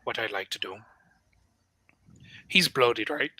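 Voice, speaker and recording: A man's voice: medium pitch, animated, slow, sharp tone, no room sound. A man narrating his character's actions as a player in a tabletop game, chuckling often. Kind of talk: casual play narration.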